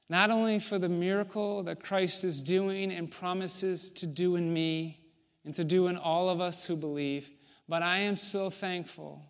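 A man preaches in a church sanctuary, his voice sitting notably high for a man. He takes his time, pausing between phrases. At points he builds to emphatic, ringing declarations. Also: a bit bright. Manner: measured, rising to emphatic in passages, with long pauses. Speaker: pastor. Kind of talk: sermon.

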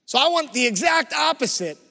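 A man's voice: extremely high pitch, big pitch swings, brisk, vocal fry, bright, forceful tone, in a large hall, pitched above the performer's own voice, full character voice. A man acting out a gloomy, self-pitying balding man who whines about his life, as part of a sermon story.

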